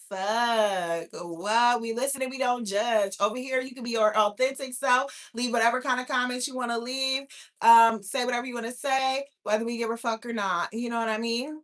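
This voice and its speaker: A young woman hosting a casual livestream, reading viewer comments and telling stories in a blunt, profane, animated way. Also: a little high, normal speed. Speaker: livestream host.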